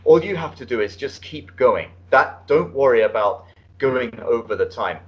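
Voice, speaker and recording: A man giving spoken feedback as an IELTS speaking examiner over an online call, relaxed and coaching, with many fillers and restarts. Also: medium pitch, normal speed, muffled recording. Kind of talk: spoken feedback on a mock test. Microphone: online video call.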